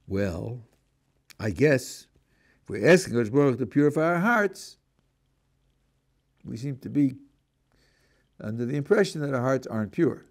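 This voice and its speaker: An older man, a rabbi, giving a Torah lecture and acting out the speakers in his examples, sprinkled with Hebrew religious terms. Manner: animated, acts out a speaker's voice, rising and dropping pitch. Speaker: rabbi teaching a class.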